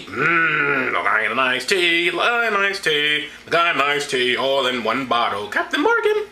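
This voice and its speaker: A man's voice: medium pitch, bright, forceful tone, slight background noise. A man hosting a comedic video, reading the Bible aloud with mocking, rambling sarcasm. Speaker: vlog host. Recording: roomy echo.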